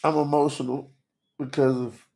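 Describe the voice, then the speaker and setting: A man's voice: medium pitch, level tone, moderate pace, vocal fry, mellow. A man teaching scripture on a live stream, emotional and teary, sweating, calling out to his viewers in the chat. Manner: emotional, preachy, talks to chat.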